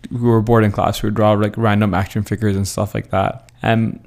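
A man's voice: fairly low pitch, level tone, a little fast, darkish tone. A young man hosting his own show, casually telling funny school stories and laughing often as he goes. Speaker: podcast host. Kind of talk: casual storytelling.

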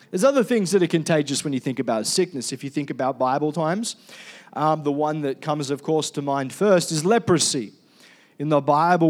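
A man preaching a sermon as pastor, animated and calling on the congregation to respond. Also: fairly high pitch.

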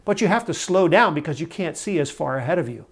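A man preaching a sermon as a pastor, earnest and measured, slowing down for emphatic scripture quotes. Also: a little high, expressive, husky.

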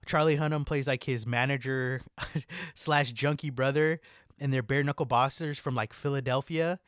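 A laid-back young man in loose, casual chat, cursing freely and filling his sentences with "like." His voice sits at an ordinary middle pitch. It is recorded close and dry, with no room sound. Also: steady tone, moderate pace, a bit bright, clean tone, dry recording. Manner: laid-back, swears a lot, says "like" constantly.

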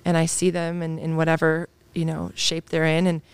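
A woman's voice: low voice, monotone, moderate pace, clean tone, no room sound. A woman in her thirties, a psychologist guest on a podcast, talking earnestly and openly in a candid interview. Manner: earnest, open and reflective, with soft laughs.

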